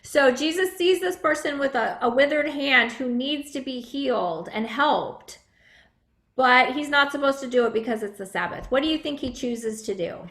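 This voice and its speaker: A woman's voice: high voice, moderate pace, a bit bright. A woman pastor giving a children's message, asking the children friendly questions. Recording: echoey room.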